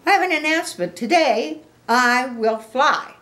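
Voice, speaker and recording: An older woman voicing an eager, bouncy little pig girl from a picture book, high and loud. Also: lively intonation, measured pace.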